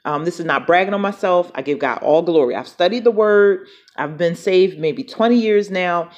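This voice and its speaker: A woman's voice: fairly low pitch, moderate pace. A woman preaching a podcast sermon, teaching through a Bible passage in a conversational way with frequent "right?" and restarted phrases.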